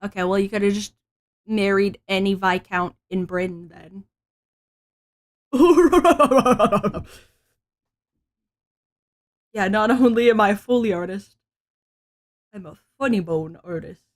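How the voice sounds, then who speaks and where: A woman's voice: mid-range voice, lively intonation, takes it slowly, pauses often. A woman streamer reading webtoons aloud, breaking off into joking, self-mocking comments.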